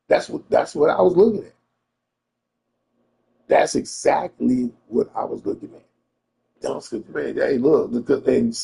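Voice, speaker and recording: Gravelly, dark-voiced man ranting. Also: a little high, a little slow. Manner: profane, emphatic, repeats himself. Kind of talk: casual storytelling rant.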